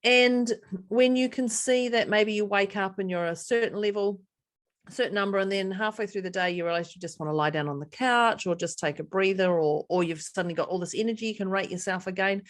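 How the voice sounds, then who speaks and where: A woman's voice: medium pitch, brisk. Chatty woman podcast co-host. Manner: chatty, laughs often, talks in repeated phrases. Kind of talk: casual chat.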